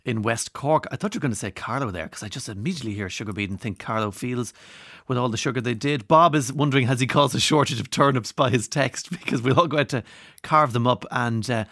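An Irish radio presenter speaks into a studio microphone with no room sound, his mid-range voice quick, bright and forceful. He chats casually, wandering into rambling, self-deprecating asides while reading listener texts.

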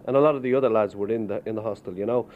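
A man with an Irish accent, telling of his rough times in plain, wry storytelling with local turns of phrase. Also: on the low side, rapid-fire, phone-quality sound. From Ireland. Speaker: immigrant worker. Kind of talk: storytelling testimony.

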